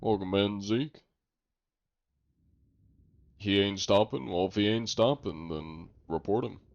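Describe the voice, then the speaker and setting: A young adult man streaming a game live, chatting casually with viewers in a relaxed, rambling way full of fillers. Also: fairly low pitch, slow pace, lo-fi sound. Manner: relaxed and rambling, lots of "like" and fillers, joking with chat. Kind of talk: casual live-stream chat while gaming.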